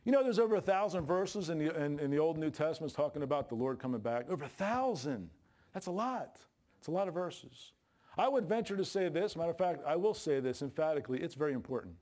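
A middle-aged man preaching a sermon with a voice set a bit higher than most men's. He talks in a folksy, emphatic way and jumps up in pitch when he gets fired up. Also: lively intonation, fast talker, a little mellow.

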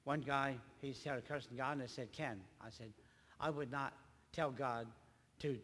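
Older man giving a halting church testimony. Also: mid-range voice, steady tone, fairly bright tone, long reverb tail. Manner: rambling, halting, repeats words. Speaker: lay preacher.

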